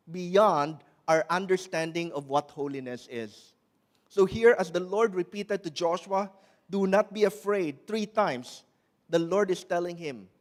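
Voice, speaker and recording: A man preaching a sermon in an earnest way, slowing down to press on quoted scripture and now and then restarting a word. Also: high voice. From Malaysia. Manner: repeats and restarts words. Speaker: pastor.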